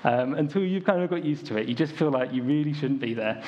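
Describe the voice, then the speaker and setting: Speaking quickly and expressively in a slightly high, darkish voice, a young British man gives a conversational sermon to his church. He tells it like a story, with frequent "um"s and "like"s. Faint ambient noise runs through the dull, lo-fi audio.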